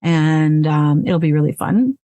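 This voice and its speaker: Frank, animated woman voice actress. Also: low-pitched, a little slow, no echo. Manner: frank, animated, swears freely. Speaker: voice actress and guest. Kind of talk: casual interview chat. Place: home recording space.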